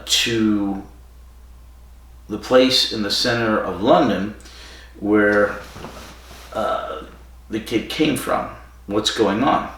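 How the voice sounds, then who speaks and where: A podcast host with a lowish, slightly bright voice casually recaps a story, wandering off on tangents and correcting himself. He sounds far from the mic in a very echoey room.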